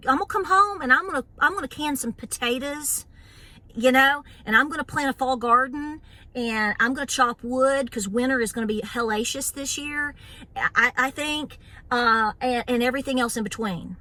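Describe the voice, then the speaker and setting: A woman's voice: a little high, bright, forceful tone, no echo. A middle-aged woman, hosting a homestead vlog and ranting bluntly with a sassy edge, laughing often. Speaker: homestead channel host. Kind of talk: opinionated casual vlog rant.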